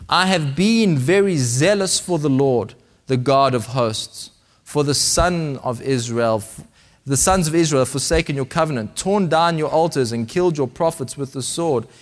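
Male preacher, slightly high voice, dramatic sermon delivery with loud and hushed swings. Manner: dramatic, shifting from loud emphasis to hushed tones.

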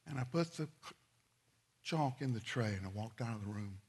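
A middle-aged man preaching a sermon, telling stories and swinging from loud, quick asides to hushed, slow lines. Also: mid-range voice, lively intonation, breathy edge.

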